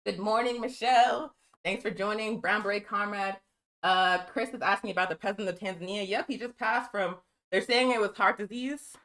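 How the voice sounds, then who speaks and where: A woman hosting a live political news stream, talking fast and emphatically, calling her viewers y'all and reading from a press release. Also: mid-range voice, fairly even intonation, fairly bright tone, poor audio.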